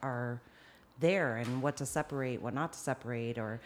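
Canadian woman guest, brisk and teasing, slight background noise. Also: extremely low pitch. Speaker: guest, disposal company owner. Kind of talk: casual chat.

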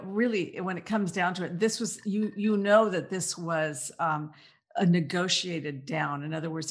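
Woman co-host, lowish voice, dry mocking delivery, rattles off lists. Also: a bit bright. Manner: sardonic, mocking, lists things off. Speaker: podcast co-host. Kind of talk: political talk show chat.

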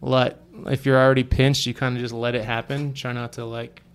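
Laid-back gravelly man, flat delivery. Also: mid-range voice, brisk. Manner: laid-back, rambling, lots of fillers. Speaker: cyclist sharing stories. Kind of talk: casual chat.

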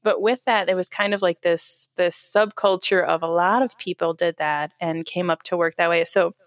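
A woman's voice: fairly low pitch, fairly even intonation, moderate pace, no echo, studio quality. A woman from Michigan telling stories in a chatty, casual podcast conversation. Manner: chatty and talkative, easy storytelling. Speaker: podcast co-host. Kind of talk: casual chat, storytelling.

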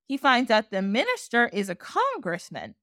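Animated woman retelling a folk tale. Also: on the high side, moderate pace, no echo, clean studio sound. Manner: animated, laughs often. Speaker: podcast host. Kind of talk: casual storytelling.

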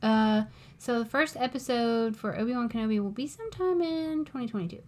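A woman's voice: a little high, a little fast, a little hiss or hum. Chatty, upbeat woman podcast co-host. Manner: chatty, excited fan talk with frequent laughs. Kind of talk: casual chat.

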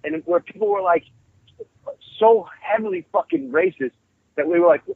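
Man with a husky voice on a tinny phone line. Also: sits high, moderate pace, no echo. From New York. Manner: profane, rambling, animated storyteller. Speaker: guest musician. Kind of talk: casual storytelling interview.

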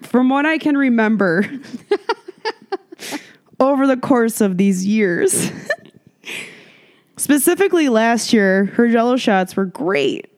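A woman's voice: a little high, lively intonation, slow, long pauses, a little mellow. A woman co-hosting a podcast in casual, profane chat, laughing often as she tells stories. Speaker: podcast co-host.

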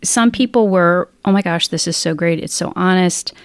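A woman's voice: lowish voice, moderate pace, clean tone, dry recording. A middle-aged woman author talking candidly in a casual interview, rambling with frequent restarts. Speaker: author guest.

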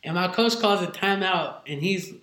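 Animated woman coach telling stories, roomy. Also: fairly low pitch, normal speed. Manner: animated, acts out what others said. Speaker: football head coach, guest. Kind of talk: casual interview storytelling.

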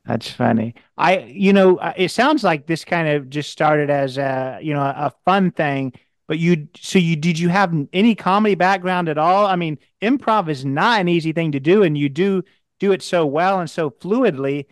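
Guy hosting a podcast, smooth clear voice, kinda high, dry sound. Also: normal speed, no room sound. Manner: earnest, repeats words when starting. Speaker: podcast host. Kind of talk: interview questions, casual.

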